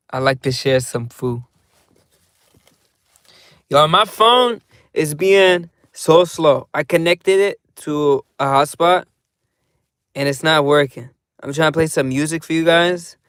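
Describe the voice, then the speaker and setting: A man's voice: on the high side, a bit bright, smooth, no room sound, clean studio sound. A young man chatting casually in a loose, rambling vlog from inside his car, laughing often. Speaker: vlogger.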